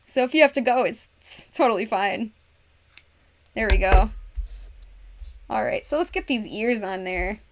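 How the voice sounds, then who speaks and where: A woman's voice: medium pitch, lively intonation, measured pace, long pauses, noisy background. A woman hosting a casual craft livestream, chatting to viewers and talking herself through each step with frequent laughs. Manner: speaks to viewers in chat. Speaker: livestream host.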